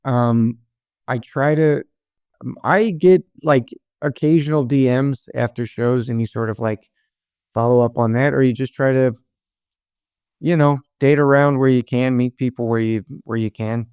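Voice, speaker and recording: Profane, laughing young comedian. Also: male voice, mid-range voice, steady tone, normal speed, a little mellow, smooth, dry recording. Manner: loose, profane, laughing storyteller. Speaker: podcast guest, stand-up comedian. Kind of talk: casual storytelling chat.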